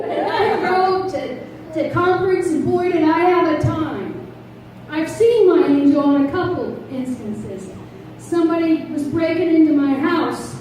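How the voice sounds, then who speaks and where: A woman preacher telling a testimony in an animated way, acting out the voices in her story. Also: extremely high pitch, a little slow, noisy background. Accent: Northeastern US. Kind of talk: testimony sermon. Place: church sanctuary. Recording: echoey church from far off.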